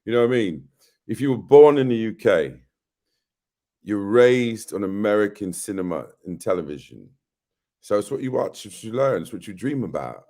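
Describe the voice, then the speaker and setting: A man's voice: fairly low pitch, normal speed. A middle-aged man, an actor, chatting casually in an interview and telling stories with quoted voices acted out. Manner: animated storyteller who acts out quoted voices. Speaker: actor guest.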